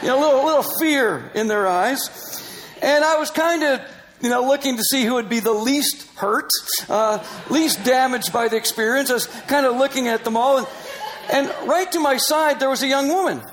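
A man with a strikingly high voice tells a personal story in an animated way. He laughs often and acts out the dialogue as he goes. He is a middle-aged or older Christian missionary. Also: moderate pace, a little hiss or hum, poor audio.

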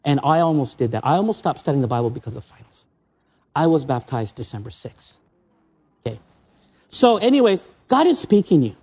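Animated American preacher in his fifties. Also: high-pitched. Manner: conversational storytelling, repeats words. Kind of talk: sermon. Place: stage under spotlights.

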